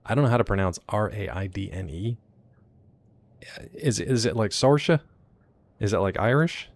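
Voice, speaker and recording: A man's voice: lowish voice, normal speed, no echo. A man giving casual live gameplay commentary as a streamer, chatty and joking as he reacts aloud and talks to his chat. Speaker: game streamer.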